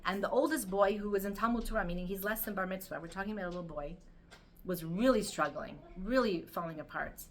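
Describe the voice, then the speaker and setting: A woman's voice: medium pitch, fast talker, a little hiss or hum. A middle-aged woman giving a weekly Torah talk, telling stories with feeling and many fillers. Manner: animated, emotional storytelling with many fillers. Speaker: Torah teacher.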